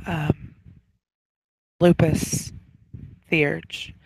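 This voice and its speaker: A woman voicing a meek adult female werewolf who stumbles over her words in a soft, hesitant way. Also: low-pitched, little pitch movement, drawn-out words, gravelly, slightly rough, no echo, full character voice, rough recording. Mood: shy.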